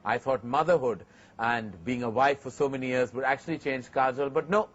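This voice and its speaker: A man's voice: medium pitch, fairly quick, muffled recording. A man, a filmmaker hosting a TV segment, talking earnestly to camera about working with his actors. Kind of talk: reflective to-camera talk.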